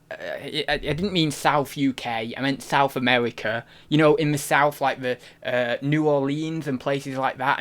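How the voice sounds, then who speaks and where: A man's voice: medium pitch, sharp tone. A man from the UK chatting casually on a live stream. He rambles, corrects himself as he goes and laughs easily. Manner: rambling, self-correcting, giggly.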